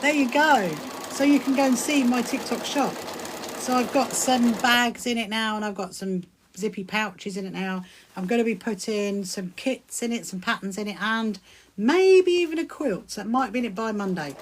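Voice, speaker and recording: A woman hosting a casual sewing live stream, chatting and rambling with bursts of excitement as she answers viewers. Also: a little high, moderate pace, background noise. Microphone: phone streaming live.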